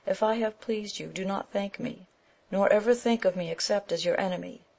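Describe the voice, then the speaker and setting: A woman's voice: mid-range voice, normal speed, vocal fry, darkish tone. A woman reading a cold defiant lady.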